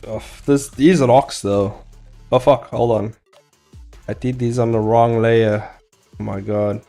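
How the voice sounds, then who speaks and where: A man's voice: mid-range voice, fairly even intonation, takes it slowly, gravelly, warm tone, soft background music. A young man chatting casually with viewers while drawing his comic. He rambles, laughs a lot and swears freely. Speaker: comic artist streaming. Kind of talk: casual live-stream chat.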